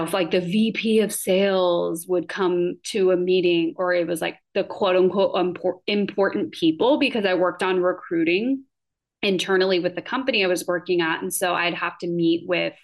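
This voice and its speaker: Chatty woman in her thirties, lower voice. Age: 30s. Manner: casual, chatty with frequent "like" fillers. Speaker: vlogger. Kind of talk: personal storytelling vlog.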